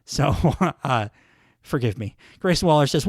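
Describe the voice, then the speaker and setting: A man's voice: on the high side, animated, a little slow, vocal fry, no room sound, clean studio sound. A man hosting a podcast, recapping a show in a chatty, casual way with lots of fillers. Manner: chatty, many fillers, laughs at himself. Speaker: podcast host.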